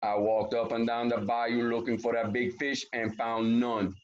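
A man's voice: medium pitch, flat delivery, unhurried, muffled recording, natural voice. A man voicing a big, strong crab who is gullible at first and then turns angry, in a storybook reading.

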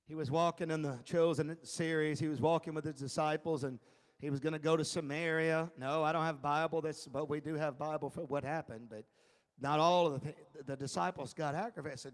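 A man pastor teaching an adult Bible class in a sermon style. He is emphatic, chuckles often, and swings between hushed and near-shouted delivery. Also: fairly high pitch, normal speed, in a large hall. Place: church classroom.

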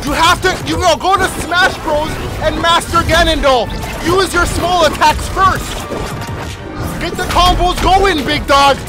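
A man giving excited, whooping, taunting commentary while playing a fighting game, laughing often. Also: very high voice, a little slow. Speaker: gaming video creator. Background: game music and sound effects.

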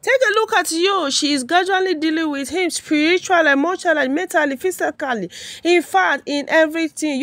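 Nigerian woman gossip vlogger, high voice, dry close mic, animated and teasing. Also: fairly quick, no echo. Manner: animated, chatty, mixing Pidgin and English with teasing exclamations. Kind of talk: casual commentary.

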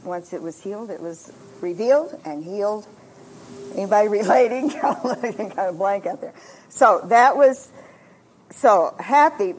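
A woman, probably older, telling a story from the pulpit in a lively sermon, acting out the voices of herself and her husband. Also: medium pitch, measured pace, a little hiss or hum. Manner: animated, acts out her own lines and her husband's. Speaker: camp speaker.

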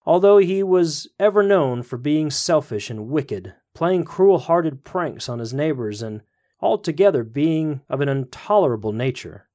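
A man podcast host reading a story aloud in a measured storytelling manner. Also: on the high side, expressive, warm tone. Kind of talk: scripted story narration.

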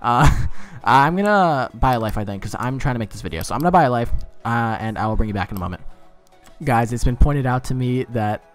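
A man's voice: medium pitch, fast, faint music behind. A man giving casual gameplay commentary, rambling and swearing freely as he gets flustered.

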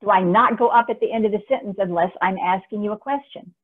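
A woman's voice: medium pitch, fast. Woman coaching over a tinny webinar line. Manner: energetic, emphatic, coaching tone. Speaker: communication speaker. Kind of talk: webinar talk. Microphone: laptop camera mic. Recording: tinny phone-like webinar audio.

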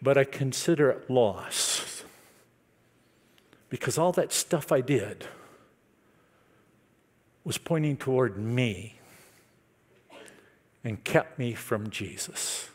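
A male pastor preaching a sermon, building to loud, emphatic declarations. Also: medium pitch, animated, slow, long pauses, slightly rough. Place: church service.

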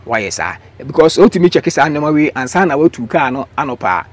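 Ghanaian man, husky, rapid explainer, casual mechanic talk. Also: fairly high pitch, sing-song. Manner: explanatory, repeats a stock filler phrase. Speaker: mechanic explaining car care. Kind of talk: casual explanation mixing Twi and English.

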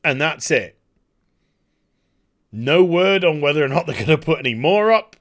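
A man's voice: fairly high pitch, expressive, moderate pace, a bit bright. A man, a YouTube commentator, giving a sarcastic, exasperated rant with some swearing. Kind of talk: ranting commentary.

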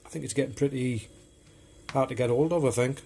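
A man's voice: medium pitch, fairly quick, gravelly, a little mellow, husky. A man casually showing off his film collection on video, chatty and rambling as he talks. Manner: rambling and chatty, loose and unpolished. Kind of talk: casual show-and-tell of home video collection.

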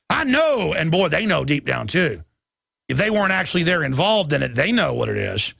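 Man, talk radio host, heated ranting monologue, slightly high voice, close dry sound. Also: gravelly, no room sound. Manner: heated, emphatic ranting with sudden loud bursts. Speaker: radio and web show host.

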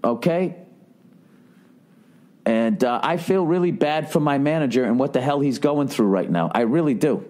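A man hosting a solo podcast, telling profane, animated stories in a comedic rant full of fillers. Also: medium pitch, normal speed, long pauses. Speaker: podcast host.

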